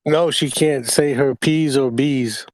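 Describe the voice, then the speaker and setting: A man's voice: medium pitch, steady tone, takes it slowly, low-quality recording. Teasing man in a casual voice chat. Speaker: chat participant.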